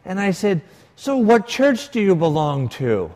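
A man's voice: sits high, very animated, measured pace, darkish tone. A man, a priest, preaching a sermon and telling a story with quoted dialogue and varied emphasis. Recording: long reverb of a large hall.

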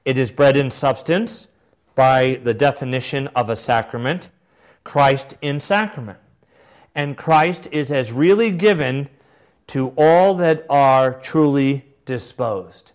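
A man's voice: mid-range voice, voice pushed up, natural voice. A man putting on an old English bishop. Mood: solemn declaiming. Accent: put-on English. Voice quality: slow, raised, declaiming reading voice. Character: solemn Victorian English bishop, older man.

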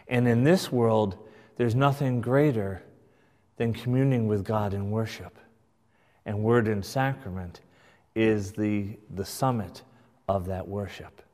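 A man as pastor teaching his congregation in a church, measured and emphatic, often checking in with "right?". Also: fairly low pitch, a little mellow. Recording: long hall reverb.

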